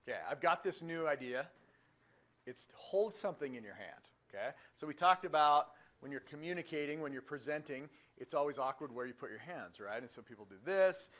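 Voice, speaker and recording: A man lecturing a university engineering class in a lecture hall, talking in a conversational, energetic way and putting questions to the students. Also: a little high.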